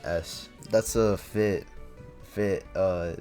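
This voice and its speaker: A man's voice: sits low, steady tone, drawn-out words, dark tone, soft background music. A man giving casual tier-list commentary, rambling and slangy, often stopping to correct himself. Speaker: YouTuber ranking anime items.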